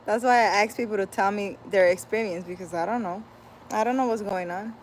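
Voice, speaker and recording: A woman's voice: mid-range voice, brisk, a little hiss or hum. A woman hosting a casual livestream outdoors, greeting viewers by name and chatting loosely as she reads their comments. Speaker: livestream host and spiritual healer.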